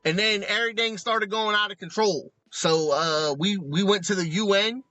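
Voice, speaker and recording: A man co-hosting a comedy podcast, talking in an animated, profane, joking way. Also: high-pitched, moderate pace, dry recording, lo-fi sound, soft background music. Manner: animated, profane, joking, does mock voices in asides. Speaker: podcast co-host. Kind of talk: casual comedic commentary. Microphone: remote recording, close mic.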